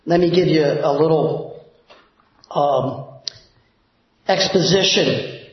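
A male pastor preaching a sermon in a church, emphatic, dropping low and soft for prayers. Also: takes it slowly. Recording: very echoey, dull church recording.

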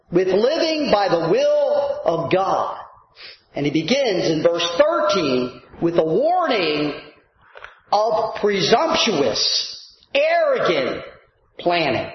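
A male pastor preaching a sermon to his congregation, animated and rising to shouts for emphasis. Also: high-pitched. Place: church sanctuary. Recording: echoey church hall, dull lo-fi sound.

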